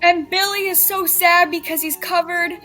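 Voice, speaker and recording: Very high, bright-voiced woman improvising. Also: normal speed, faint music behind. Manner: dramatic, expressive narration. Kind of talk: improvised comic storytelling. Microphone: video call.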